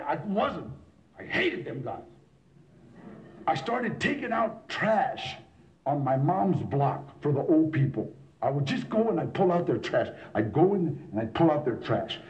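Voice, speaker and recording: Animated man telling his recovery story. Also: fairly high pitch. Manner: animated, rough street talk. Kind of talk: storytelling talk at a recovery meeting. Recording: dull lo-fi cassette tape.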